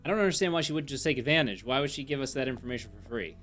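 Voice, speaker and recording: A man streaming a video game live, thinking aloud and gently mocking himself. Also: mid-range voice, lively intonation, racing, faint music behind.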